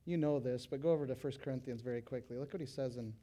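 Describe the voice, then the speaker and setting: A middle-aged male pastor preaching to fellow pastors, animated, breaking into loud acted quotes. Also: medium pitch, fast talker. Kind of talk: sermon to pastors.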